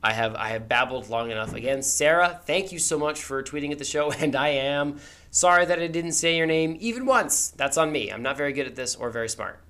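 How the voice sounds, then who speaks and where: A man's voice: on the high side, animated, brisk, sharp tone. A man running a tabletop game as its game master, narrating in a rambling way full of filler words. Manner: rambling, full of ums and likes.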